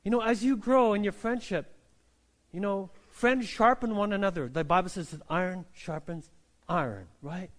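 High-voiced man preaching a sermon. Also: normal speed. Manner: conversational preaching, frequent "right?" and "you know" tags, repeated restarts. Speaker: pastor.

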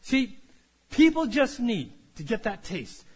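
A man preaching a sermon, telling a story that builds from quiet to loud and calling out for amens. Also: very high-pitched, very animated, slow pace, slightly rough, big-room sound. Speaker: pastor.

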